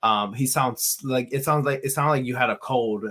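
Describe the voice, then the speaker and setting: A man co-hosting a fan podcast, telling stories in an animated way with restarts. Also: medium pitch, normal speed. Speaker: podcast co-host. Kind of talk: casual podcast chat.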